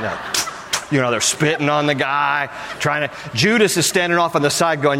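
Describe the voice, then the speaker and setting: Pastor preaching in a reverberant hall. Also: male voice, a little high, moderate pace, gravelly, slight background noise. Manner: animated storytelling with playful voices, then softer and earnest. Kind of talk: sermon.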